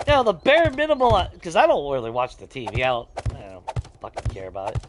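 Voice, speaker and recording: Profane, animated man ranting. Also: mid-range voice, quick pace, background noise. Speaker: gaming streamer. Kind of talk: casual ranting chat over gameplay.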